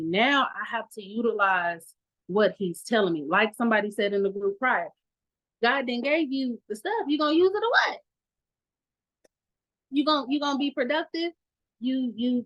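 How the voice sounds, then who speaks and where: A meeting participant speaks in a mid-range voice over a lo-fi video call from her home. Her testimony is candid, blunt and full of profanity, broken up by frequent laughter.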